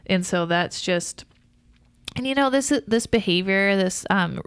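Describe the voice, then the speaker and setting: A woman's voice: medium pitch, measured pace, a bit bright, clean tone, no echo. A woman co-hosting a podcast, talking casually and explaining the business side at length, with fillers and restarts. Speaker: podcast co-host.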